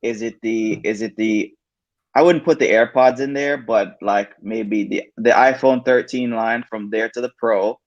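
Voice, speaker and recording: A man guesting on a tech livestream, halting and repeating phrases as he thinks aloud. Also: lowish voice, dull audio. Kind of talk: casual tech chat.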